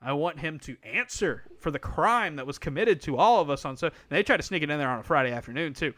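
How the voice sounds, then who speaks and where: A man co-hosting a casual sports podcast, talking in an animated, sarcastic way with mock-outraged asides. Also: fairly high pitch, quick pace, dry recording. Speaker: podcast co-host.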